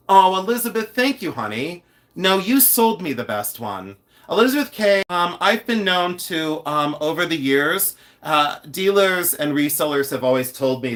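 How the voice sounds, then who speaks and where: Pitched a little high, a middle-aged live-stream host talks to his viewers while showing off jewelry, rambling in an animated way and drifting into many asides.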